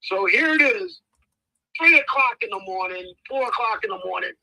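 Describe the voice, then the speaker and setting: Speaking at a normal pace with vocal fry, a high-pitched man in his 50s from the US performs the voices of people in his stories while guesting on a podcast. The recording is rough, with no room sound.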